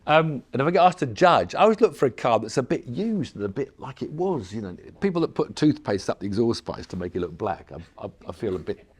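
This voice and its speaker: Husky older man telling racing stories. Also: mid-range voice, fast, few pauses. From England. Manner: animated storyteller, emotional, rambling restarts. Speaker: guest, racing driver and former TV presenter. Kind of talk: live on-stage interview. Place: museum lecture theatre, live audience.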